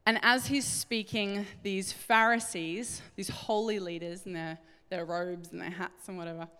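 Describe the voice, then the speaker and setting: A woman preaching a sermon, telling a Bible story in an animated way and acting out the voices. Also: mid-range voice, unhurried, smooth. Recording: hall reverb.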